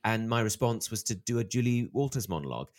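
A man in his thirties, an author being interviewed, telling stories in a lively way and acting out the voices of the people he quotes. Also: fairly low pitch, fast talker. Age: 30s. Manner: animated storyteller, acts out quoted voices. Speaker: author guest. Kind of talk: interview conversation.

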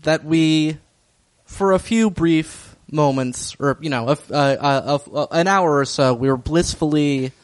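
A man's voice: on the high side, measured pace. Easygoing laughing man co-host. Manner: easygoing, laughs often, agreeable. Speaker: podcast co-host. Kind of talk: casual recap chat.

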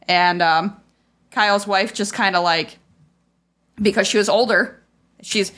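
The podcast host is a woman with a mid-range, steady, fairly bright voice, speaking a little slowly. She recounts a painful family memory in a rambling, casual way, full of "like" and "I was like" quotes, sounding raw and frustrated.

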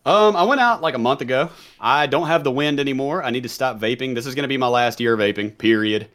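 A man in his thirties from the Southern United States, with a mild Southern accent, chats casually as a podcast guest. His mid-range voice is fast and a bit bright, and he rambles and laughs as he talks.

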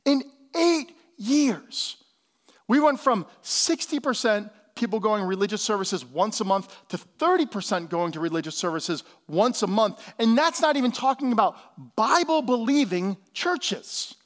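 High-voiced pastor preaching casually. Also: male voice, animated, moderate pace, hardly any pauses, a bit bright. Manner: casual preaching, slangy asides. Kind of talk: sermon.

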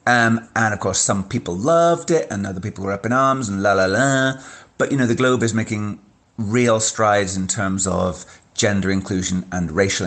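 A man's voice: deep voice, a bit bright. A man from Scotland leaving a gossipy, camp voice message to a podcast. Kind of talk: casual voice message.

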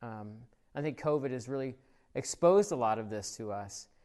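Speaking at an ordinary pace with a medium pitch, this male pastor preaches like he's having a conversation, peppering his storytelling with fillers. He grows lively and loud during the tale, then quiets down in reflective moments, all in a service captured for viewers watching online.

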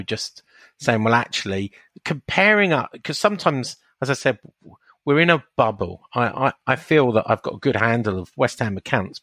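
A man's voice: mid-range voice, fairly bright tone, no room sound. A man from England co-hosting a casual podcast, easygoing and playfully insistent. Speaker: podcast co-host. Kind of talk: casual chat.

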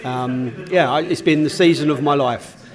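A man's voice: on the high side, normal speed, over music. A man talking on a podcast panel in a hesitant way, with many fillers. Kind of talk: casual podcast chat.

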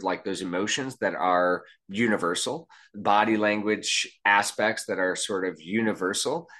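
A man's voice: low voice, fairly bright tone. A man speaking as an interview guest about communication, reflective and thinking aloud with frequent restarts. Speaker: guest, behavior and body language trainer. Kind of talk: conversational interview.

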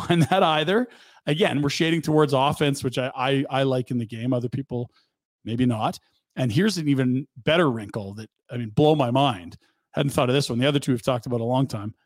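A man's voice: mid-range voice, dry recording. Chatty male sports talk host. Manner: chatty, quick asides and laughs.

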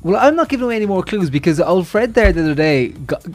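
A man's voice: high voice, sing-song, fast, a little mellow, faint music behind. Dry joking man co-hosting radio. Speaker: radio co-host. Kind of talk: casual studio banter.

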